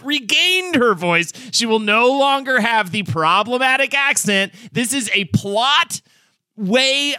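A man's voice: high voice, bright, forceful tone, no echo. A man co-hosting a podcast, chatting and gossiping in a loose, jokey way and swearing freely. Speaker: podcast co-host. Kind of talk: casual gossip chat.

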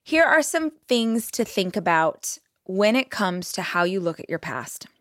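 A woman's voice: mid-range voice, sing-song, unhurried, fairly bright tone, no echo, soft background music. A woman hosting a motivational podcast, talking directly and encouragingly to her listener. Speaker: podcast host.

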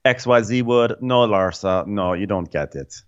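Low-voiced man laughing through a recap. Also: animated, moderate pace, highs cut off. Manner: laughing, self-mocking, chatty. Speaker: podcast co-host. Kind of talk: comedic recap chat.

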